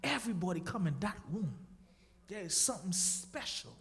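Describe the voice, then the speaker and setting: A man's voice: high voice, moderate pace. A man from the Bahamas, telling his testimony to a church congregation and urging them to pray. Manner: animated, preachy exhortation to the congregation. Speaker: guest speaker giving a testimony. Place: church sanctuary. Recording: long church-hall reverb.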